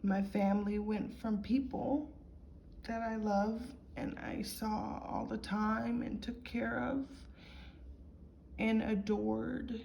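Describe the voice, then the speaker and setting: A woman's voice: on the high side, fairly even intonation, takes it slowly, creaky, warm tone, a little hiss or hum. A woman vlogger telling her own life story in a reflective, heartfelt way. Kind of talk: personal confessional storytelling.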